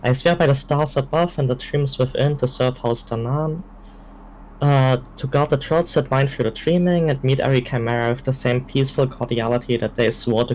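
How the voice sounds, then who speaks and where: A man's voice: mid-range voice, darkish tone, slight background noise, low-quality recording. Man earnestly reading an oath. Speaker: player. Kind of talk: reading an oath aloud in a tabletop game.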